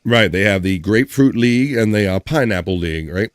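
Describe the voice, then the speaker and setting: A man hosting a casual live stream, chatting in a jokey, animated way and mimicking others. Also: lowish voice, a little fast, no echo, studio quality. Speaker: host.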